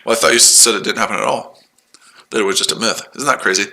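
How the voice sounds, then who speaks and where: A man's voice: lowish voice, fast, vocal fry, pushed and bright, a little hiss or hum. A man hosting a casual trading livestream, talking to his chat in a mocking, repetitive way. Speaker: trading streamer.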